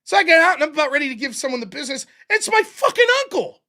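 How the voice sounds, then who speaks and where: A man hosting a live stream, spinning casual stories full of swearing. His voice is bright and forward, and his pitch swings widely as he acts out old arguments. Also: rapid-fire, hardly any pauses. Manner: profane, animated, yelling in retold quotes. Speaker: livestream host. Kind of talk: casual storytelling.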